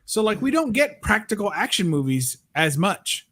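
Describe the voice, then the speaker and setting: A man's voice: high-pitched, very animated, normal speed, fairly bright tone. A man chatting casually on a livestream, blunt and profane as he airs his opinions. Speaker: livestream co-host. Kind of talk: casual chat.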